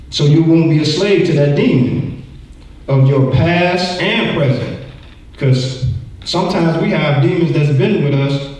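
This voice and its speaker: A man teaching a church lesson in a relaxed, talky way. He often repeats words as he speaks. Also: on the high side. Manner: conversational, repeats words, acts out voices. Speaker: Bible study teacher. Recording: echoey room, distant mic.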